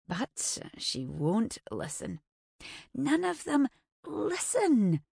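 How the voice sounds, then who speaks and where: A woman's voice: high voice, huge pitch swings, drawn-out words, gravelly, warm tone, slightly rough, no room sound, clean studio sound, voice pushed up, exaggerated voice. A woman voicing a stubborn elderly widow who refuses to leave her home, speaking in a weary, defiant way.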